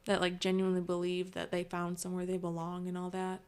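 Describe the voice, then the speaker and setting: Fast-talking young woman guest. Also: lowish voice, monotone, a crowd in the background. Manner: quick and earnest, heavy use of "like". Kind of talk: casual chat.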